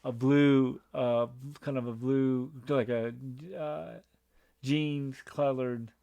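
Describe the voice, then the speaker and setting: A man's voice: mid-range voice, steady tone, slow pace, warm tone, clean tone, dull audio. A man co-hosting a podcast, chatting casually about a film with lots of fillers and restarts. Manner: rambling, many fillers, acts out quoted lines. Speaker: podcast co-host. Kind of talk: casual movie review chat.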